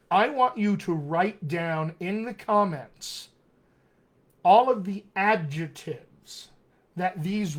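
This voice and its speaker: Guy coaching accents on a livestream, kinda high voice, super conversational, keeps saying all right?. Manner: addresses viewers as "my friends"; slows down to stress key words. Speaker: dialect coach. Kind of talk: live-streamed teaching talk. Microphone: webcam or computer mic on a live video stream.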